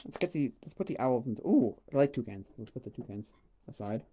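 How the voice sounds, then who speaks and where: Excitable man chattering through a card opening. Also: medium pitch, fast, husky. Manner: excitable, rambling, exclaims over each card. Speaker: streamer opening a card pack. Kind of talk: casual livestream chat.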